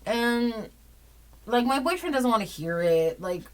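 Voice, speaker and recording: A young woman vlogging at home, low and teary, rambling with lots of "like". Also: big pitch swings, a little slow. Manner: rambling, says "like" often. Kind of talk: casual confessional vlog.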